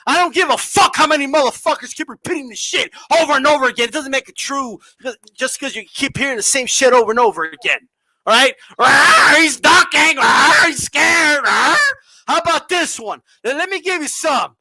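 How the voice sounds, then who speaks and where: A man's voice: extremely high pitch, lively intonation, fast talker, few pauses, pushed and bright, dry recording, poor audio. A man hosting a boxing podcast, ranting with lots of profanity, often raising his voice and mocking people. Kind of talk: heated uncensored podcast rant.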